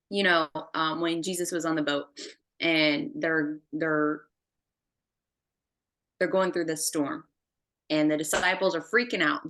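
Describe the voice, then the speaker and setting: A woman's voice: sits low, pushed and bright. A woman co-hosting a faith podcast, telling a story animatedly and acting out the voices in her retelling. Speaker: podcast co-host.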